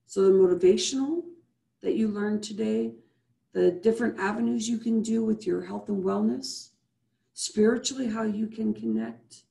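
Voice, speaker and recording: Gravelly woman coaching in an echoey room. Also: medium pitch, mellow. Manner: coaching, repetitive rhetorical questions. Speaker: host and business coach. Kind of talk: motivational show wrap-up with guided breathing. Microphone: video call.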